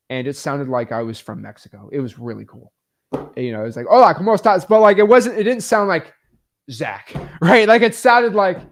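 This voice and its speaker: Energetic man explaining wholesaling, chatty and loose with fillers, voice sits fairly high. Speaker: real estate wholesaling coach. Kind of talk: casual instructional talk.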